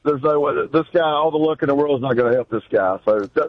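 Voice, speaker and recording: Brief: male caller, slightly high voice, tinny phone line, reassuring and hesitant. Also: quick pace. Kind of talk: call-in talk.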